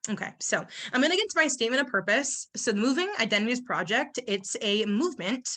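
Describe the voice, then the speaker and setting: A woman's voice: on the high side, animated, fast, bright, forceful tone. Bubbly young woman presenting her thesis. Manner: bubbly and effusive. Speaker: graduate student presenter. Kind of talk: thesis presentation on a video call. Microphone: video call.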